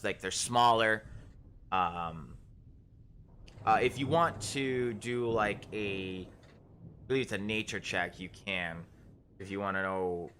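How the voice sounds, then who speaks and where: A man's voice: on the low side, bright, forceful tone, a little hiss or hum. A man narrating as game master of a tabletop game, casual, with many fillers and restarts.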